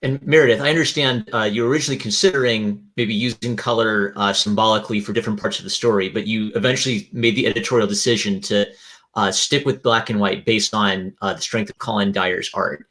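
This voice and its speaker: A man hosting an interview, asking long questions quickly with a few hesitations. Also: on the low side, steady tone, a bit bright.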